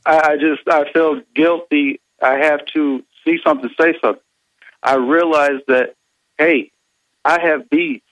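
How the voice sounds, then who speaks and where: A man calling a radio show with deadpan sarcasm, slow and hesitant. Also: a little high, no room sound, lo-fi sound. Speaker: caller. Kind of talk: sarcastic phone-in call.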